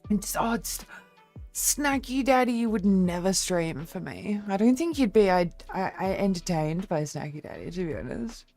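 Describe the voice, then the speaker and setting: A woman streamer chatting casually with her viewers, blunt and candid, with a lower-toned voice and a quick laugh. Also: lively intonation, a little mellow, soft background music. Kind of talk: casual live-stream chat.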